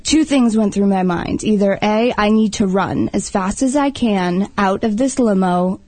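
A woman in casual talk, telling a lively story and calling her partner babe. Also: medium pitch, unhurried, breathy edge, dry recording, low-quality recording. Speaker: guest. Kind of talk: casual chat.

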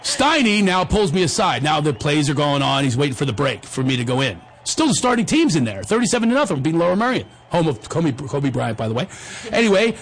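A middle-aged man hosting a talk show, telling a comic story in an animated, jokey way. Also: fairly high pitch, fast, hardly any pauses. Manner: animated, jokey storyteller who acts out the voices. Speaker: host.

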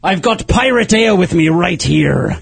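A man hosting a comedy podcast as a boisterous pirate captain, in a put-on pirate brogue with loud, drawn-out exclamations. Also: high voice, sing-song, vocal fry, slightly rough, no echo, full character voice. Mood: hearty. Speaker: podcast host. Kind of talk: comedic pirate role-play.

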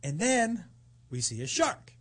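A man's voice: high voice, a little slow. Male storyteller, chatty co-host energy, swooping intonation, profane. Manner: animated, profane, acts out quotes. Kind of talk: casual storytelling chat.

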